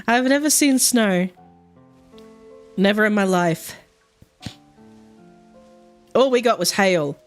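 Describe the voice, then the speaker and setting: A young woman chatting casually on a livestream, rambling with lots of fillers, frequent laughter and casual swearing. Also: medium pitch. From Australia. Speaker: streamer.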